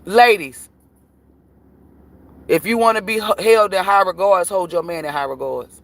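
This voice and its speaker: A woman's voice: medium pitch, normal speed, dry recording. A woman tarot reader giving blunt, profane, preachy advice in a live-stream rant to her viewers.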